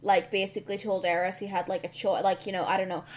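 Excitable woman chatting about books. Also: medium pitch. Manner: excitable, swears freely, quick bursts of enthusiasm. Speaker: podcast co-host. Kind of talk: casual chat about books.

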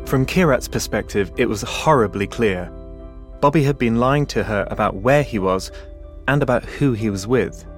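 A man narrating a documentary podcast as its host, in a measured, deliberate storytelling manner. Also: mid-range voice, faint music behind.

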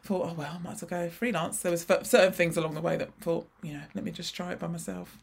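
Chatty 40s woman guest on a podcast, bit gravelly, laughs a lot. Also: on the low side, steady tone, fast talker. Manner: chatty, laughs often, many restarts. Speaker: guest, freelance graphic designer. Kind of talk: casual interview chat.

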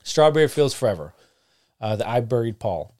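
A man co-hosting a podcast in casual chat, relaxed and rambling, with a frog in his throat. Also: medium pitch, moderate pace. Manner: relaxed, rambling with fillers and laughs. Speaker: podcast co-host.

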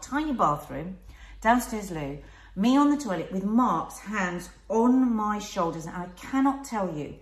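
A woman, telling a personal story in casual conversation with passionate emphasis. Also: medium pitch. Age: 40s. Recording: roomy echo.

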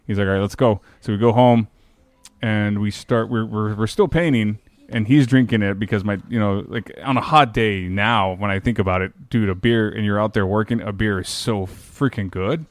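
A man's voice: on the low side, steady tone, moderate pace, dry recording. A man, telling a rambling, profane story in casual chat. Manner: rambling storyteller, swears freely.

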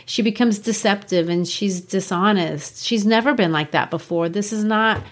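A woman's voice: medium pitch, normal speed. Chatty woman discussing a book. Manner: chatty, with frequent laughs. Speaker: podcast co-host.

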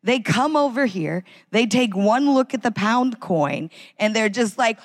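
A woman's voice: a little slow, hardly any pauses. Wry American woman doing stand-up. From United States. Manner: wry, animated, acts out characters in high voices. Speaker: stand-up comedian. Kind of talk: live stand-up routine. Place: large concert hall with live audience.

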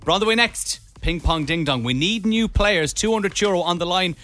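An Irish man hosting a radio show, running the segments in brisk, upbeat presenter patter. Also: high-pitched, background noise.

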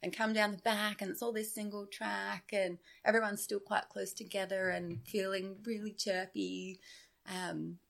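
A woman tells her story as a podcast guest in casual chat. Her voice has a gravelly, fry-tinged edge at a middling pitch. She talks with animation and scatters "like" through her sentences. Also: measured pace. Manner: animated, with frequent filler "like".

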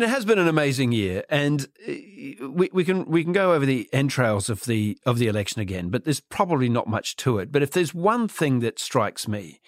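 A man co-hosting a podcast, giving measured, wry political analysis in casual chat. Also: mid-range voice, no room sound, studio quality. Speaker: podcast co-host.

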